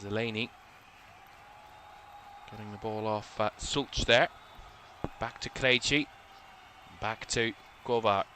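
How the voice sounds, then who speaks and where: A man giving relaxed live play-by-play commentary on a football match for a watchalong stream, chatty and a little drowsy, yawning now and then and correcting himself as he goes. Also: fairly low pitch, takes it slowly, pauses often, a little hiss or hum. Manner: relaxed, chatty, thinking aloud with small self-corrections.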